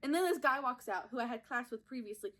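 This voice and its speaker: A woman's voice: fairly high pitch, animated, fast, fairly bright tone. A young woman, host of a podcast, chatting casually and giggling while she does her makeup at home and films on her phone. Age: young adult. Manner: chatty, giggly, self-mocking storytelling. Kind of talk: casual makeup vlog chat. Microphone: phone camera propped up.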